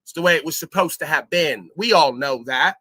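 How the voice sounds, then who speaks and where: A man hosting a livestream, ranting in a profane, boastful way that jumps between loud outbursts and low muttering. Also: fairly quick, no room sound. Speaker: livestream host.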